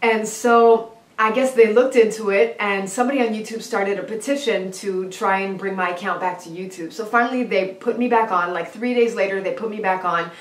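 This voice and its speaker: Animated young woman telling a story. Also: a little fast. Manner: animated, quotes herself in a high excited voice and laughs often. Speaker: singer and vlogger. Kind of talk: casual storytelling to camera. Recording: roomy, slightly distant from the mic.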